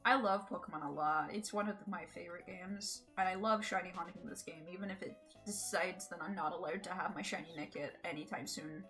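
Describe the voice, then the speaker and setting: A woman's voice: lowish voice, brisk, few pauses, fairly bright tone, faint music behind. A woman with a Scottish accent, between Edinburgh and Glasgow, chatting casually on a gaming stream, swearing freely and laughing often. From Scotland. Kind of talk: casual live-stream chat while gaming.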